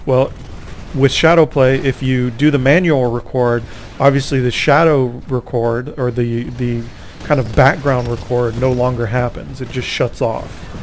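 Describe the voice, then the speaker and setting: Rambling gamer guy, mid-pitched voice. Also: steady tone, a little slow, a little hiss or hum. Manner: rambling, self-mocking, reacts aloud to the game. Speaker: gamer recapping a tournament. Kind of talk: casual commentary over gameplay.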